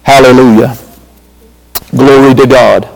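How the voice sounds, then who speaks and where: A man's voice: mid-range voice, steady tone, unhurried, creaky. A man preaching a sermon as a pastor, emphatic, repeating phrases and calling out to the congregation. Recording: reverberant hall.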